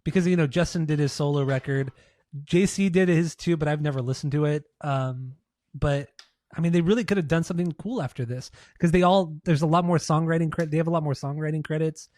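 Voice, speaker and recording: A man's voice: a little high, a little fast, a little mellow, no echo. A man co-hosting a podcast, chatting casually, teasing his co-host and swearing often. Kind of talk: casual chat.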